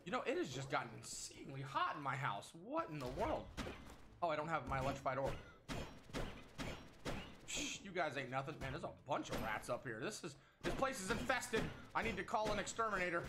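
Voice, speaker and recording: Excitable man narrating his gameplay. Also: fairly high pitch, a little fast, noisy background. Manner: excitable, frequent exclamations, self-talk. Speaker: gaming channel host. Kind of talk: casual gameplay commentary. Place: at home. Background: game music.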